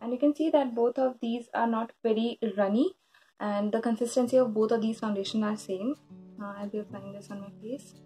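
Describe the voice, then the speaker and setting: Woman doing a makeup review vlog, kinda high voice, earnest and explainy, soft music under it. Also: fairly quick. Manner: earnest, explanatory, with small restarts. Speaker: beauty vlogger.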